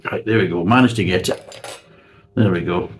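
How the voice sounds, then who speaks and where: A man's voice: deep voice, moderate pace, poor audio. A man reviewing a beer in a casual, sweary, ranting way.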